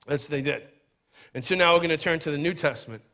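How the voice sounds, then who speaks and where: High, bright-voiced preacher, emphatic. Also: male voice, fast. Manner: emphatic, swings from loud urgency to low quiet stress; acts out quoted voices in a casual tone. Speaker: pastor. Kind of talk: sermon.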